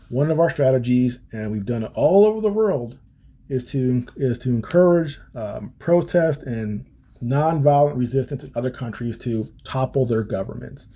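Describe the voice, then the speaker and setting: Guy hosting a podcast, mellow warm voice, reads a paper then riffs on it, lots of ums. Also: medium pitch, animated, moderate pace. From United States. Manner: casual, frequent ums and restarts, wry asides. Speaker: podcast host. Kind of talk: reading aloud and commenting on a policy paper.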